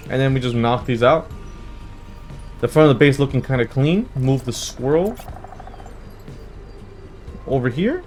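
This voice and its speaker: A young American man hosting a casual let's-play, telling rambling, animated stories with laughs and swearing. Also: mid-range voice, a little slow, pauses often, faint music behind. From United States. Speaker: gaming channel host.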